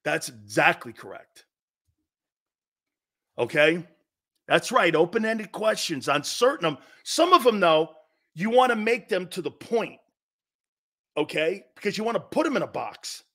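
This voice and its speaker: A middle-aged man in casual sports talk, voice sitting a bit high for a man. He lectures his listeners and fires off rhetorical questions, with an animated, emphatic delivery. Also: measured pace, long pauses.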